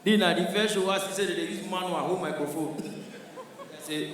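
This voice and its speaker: A male stand-up comedian with a Nigerian Pidgin accent, telling animated stories and slipping into character voices. His voice sits fairly high for a man. He is heard from far off, with a long hall echo. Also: a little fast, background noise. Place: large live comedy venue.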